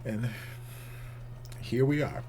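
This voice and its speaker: A man's voice: medium pitch, big pitch swings, takes it slowly, mellow, slight background noise. A man hosting a reaction video, commenting candidly and expressively and swearing casually.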